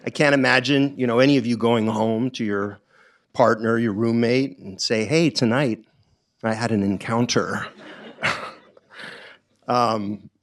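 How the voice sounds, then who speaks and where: A middle-aged man, an author, speaking to an audience at a bookstore event in a reflective, halting way, with frequent ums and restarts. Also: mid-range voice, fairly even intonation.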